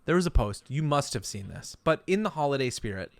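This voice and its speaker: Lively, wry male podcast co-host. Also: mid-range voice, a little fast, no echo. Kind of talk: casual podcast chat.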